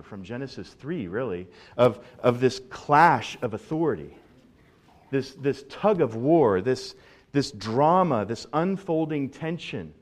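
A male pastor giving a sermon in a conversational, animated way, often repeating words as he builds a point. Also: mid-range voice.

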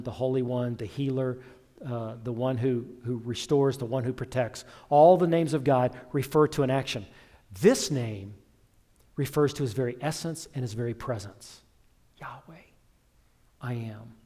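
A man's voice: a little high, darkish tone. A man preaching a sermon, building intensity with repeated phrases and drawing the congregation in with direct asides. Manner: preaching with rising intensity and repetition. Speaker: pastor.

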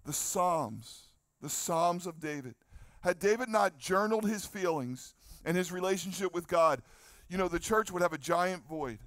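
Older male pastor, high-pitched, dry close sound; animated outdoor sermon, dramatic scripture readings. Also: dry recording. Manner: animated preacher, acts out quoted psalms, asks the crowd questions. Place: outdoor lawn gathering.

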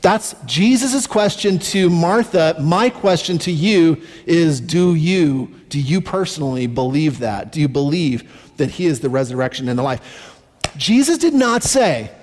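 A man preaching a sermon as a pastor, conversational and slowing down on key points. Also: on the high side, lively intonation, darkish tone. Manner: conversational preaching, slows down for emphasis. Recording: long reverb from a large hall. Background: faint music.

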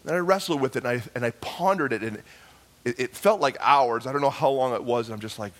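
A middle-aged male pastor preaching a sermon, telling a personal story with emotional swings from hushed murmurs to loud cries. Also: medium pitch, quick pace.

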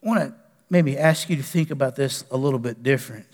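A man preaching a sermon as pastor, moving between passionate declarations and soft, pleading prayer. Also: mid-range voice, quick pace. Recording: long reverb of a church hall.

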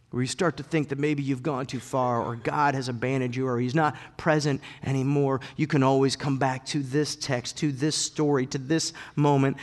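A male pastor delivering a sermon in a dramatic way, swinging between loud declarations and hushed moments. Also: medium pitch. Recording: long hall reverb.

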